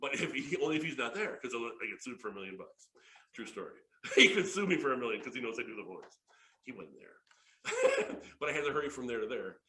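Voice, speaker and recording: A man in his fifties leads a sales workshop in a bright, forward voice that swings widely in pitch. He tells stories with excitable, joking energy and laughs often, and the room adds a noticeable echo. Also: fast talker. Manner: excitable, jokey storyteller who laughs often. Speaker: workshop presenter. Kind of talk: lively workshop talk with stories. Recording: echoey room.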